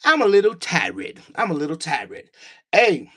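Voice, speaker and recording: A man's voice: high-pitched, wildly swooping pitch, a little slow, fairly bright tone, breathy edge. A man hosting a casual livestream from his basement, talking to his chat and his dog, a little out of breath. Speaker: livestream host. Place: home basement studio. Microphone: no mic, room sound.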